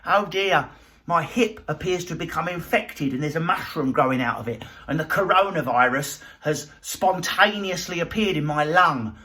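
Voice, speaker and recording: A man's voice: on the high side, animated, normal speed, bright, forceful tone. Man doing a chirpy granny in her eighties. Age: 80s. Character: frail elderly woman on a hospital trolley.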